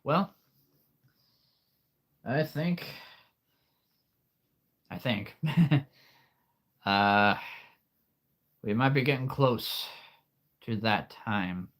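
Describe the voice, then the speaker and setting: A man's voice: medium pitch, lively intonation, drawn-out words, pauses often, fairly bright tone. A man with a sore throat hosting a casual livestream chat in an easygoing way. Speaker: livestream host. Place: home livestream.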